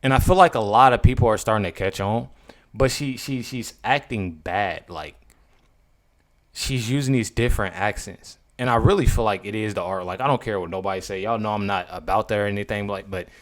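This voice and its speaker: A man's voice: on the low side, a little fast. A man doing casual commentary for his vlog, rambling and repeating himself as he talks to his viewers. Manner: rambling, repetitive, addresses viewers as y'all. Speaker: political commentary vlogger.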